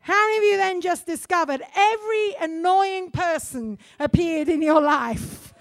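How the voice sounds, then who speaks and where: A woman preaching a sermon, telling an animated story and asking the congregation questions. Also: very high voice, a little slow, no room sound, clean studio sound.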